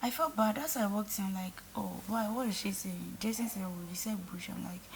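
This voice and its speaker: An earnest young woman talks through a falling-out, circling back and repeating herself as she acts out what was said. Her pitch sits in the middle, and there is a faint hum of ambience behind her. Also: fairly quick, gravelly. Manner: earnest, repetitive, animated retelling with quoted dialogue. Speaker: reality show contestant. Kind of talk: casual conversation.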